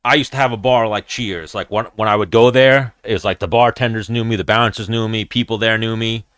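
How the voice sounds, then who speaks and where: A man hosting a casual live-stream fight chat, telling animated, profane stories about brawls he has been in and reacting to viewer comments. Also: lowish voice, fairly quick, clear, resonant tone, no room sound, clean studio sound.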